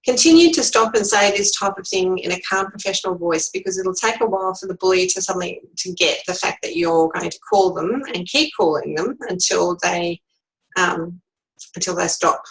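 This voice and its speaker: A woman presenting a recorded lesson, explaining tactics calmly and acting out sample phrases. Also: lowish voice, moderate pace, low-quality recording. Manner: calm, instructive, acts out sample phrases. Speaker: workplace trainer. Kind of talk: recorded lecture.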